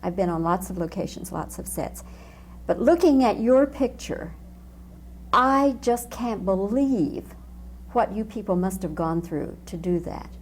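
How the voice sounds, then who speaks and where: Admiring woman interviewer, mellow voice. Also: mid-range voice, animated, unhurried, slight background noise. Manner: effusive, admiring questions. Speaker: interviewer, host. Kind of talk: interview questions.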